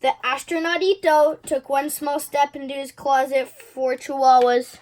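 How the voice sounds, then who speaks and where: A woman reading a children's picture book aloud in an expressive way. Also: high-pitched, measured pace. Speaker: storybook reader.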